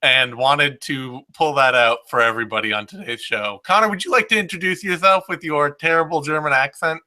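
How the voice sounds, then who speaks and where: Guy hosting a chatty podcast, super bright tone, rambly and wry. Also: fairly high pitch, brisk. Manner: rambling, restarts sentences, wry. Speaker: podcast host. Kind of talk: casual podcast chat.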